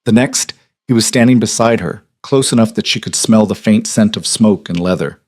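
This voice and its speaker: A man narrating a historical romance audiobook in an even, measured storytelling manner. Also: lowish voice, dry recording, clean studio sound.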